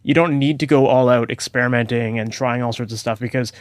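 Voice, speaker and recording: A man hosting a podcast and chatting casually with his guest. He reflects on the guest's points in quick asides and uses "like" often. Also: mid-range voice, steady tone, no echo, clean studio sound. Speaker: podcast host. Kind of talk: casual interview chat.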